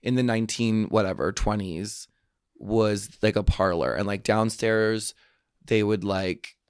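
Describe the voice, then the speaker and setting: A man's voice: lowish voice, steady tone, measured pace, smooth, no echo, clean studio sound. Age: adult. Sex: man. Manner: playful chat. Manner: playful, chatty, heavy use of "like". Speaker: podcast co-host. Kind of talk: casual chat.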